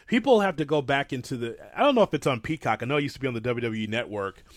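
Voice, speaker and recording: Animated rambling man, dry sound. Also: medium pitch, very fast, no room sound. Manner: animated, rambling, self-described old-school fan. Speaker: podcast co-host. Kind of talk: casual wrestling talk.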